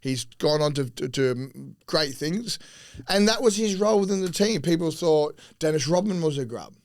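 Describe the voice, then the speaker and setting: A man with a slightly higher-than-usual voice rambles through sporting yarns on a podcast. He swears freely, stumbles and restarts, and breaks into laughter partway through his sentences. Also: expressive, moderate pace. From Australia. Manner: profane, rambling, often laughing mid-sentence. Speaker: former rugby league player, podcast guest. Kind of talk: casual podcast chat, telling stories.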